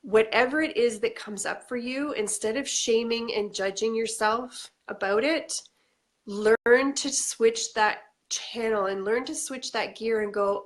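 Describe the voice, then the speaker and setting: A woman's voice: fairly high pitch, a little slow. Chatty woman giving a reflective live talk. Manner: chatty, reflective, uses many fillers. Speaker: spiritual coach. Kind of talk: casual live-stream talk.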